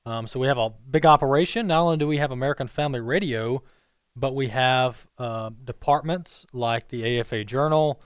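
A man's voice: mid-range voice, brisk, smooth, no echo, studio quality. A man co-hosting a radio show, explaining steadily in casual talk. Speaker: radio co-host.

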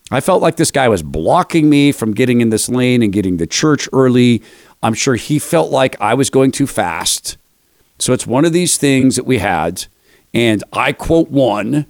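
A man's voice: medium pitch, a little mellow, no echo, clean studio sound. An older man hosting a commentary show, telling a self-deprecating story between clips.

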